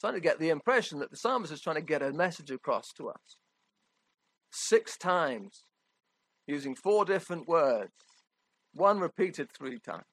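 A man's voice: fairly high pitch, lively intonation, moderate pace, long pauses, a bit bright, breathy edge, poor audio. A man preaching a sermon in a conversational, emphatic way, often checking in with his listeners.

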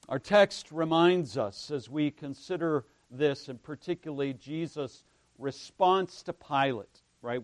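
A male pastor delivers a sermon at a slow, deliberate pace in a voice a bit higher than most men's. He swells to loud emphatic stresses, then drops almost to a whisper. The sound is close and dry, with no room echo. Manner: preaching with swells of emphasis and sudden hushed drops; frequent "right?" asides to the congregation.

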